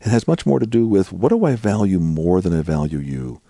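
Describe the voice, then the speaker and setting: Middle-aged guy with a gravelly dark voice, earnest, dry studio sound. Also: sits low, a little fast, dry recording. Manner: earnest, animated when acting out prayers. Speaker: author and guest. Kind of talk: conversational interview about prayer.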